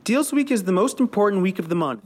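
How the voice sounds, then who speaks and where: A man's voice: high-pitched, animated, fast talker, a little mellow, a little hiss or hum, voice pushed up. A man reading the part of an eager young woman who earnestly recites sales jargon. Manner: earnest, textbook-like.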